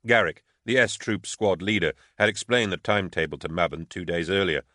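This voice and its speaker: Deep-voiced man narrating steadily. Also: fairly quick, bright, forceful tone, dry recording, clean studio sound. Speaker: audiobook narrator. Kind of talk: scripted narration.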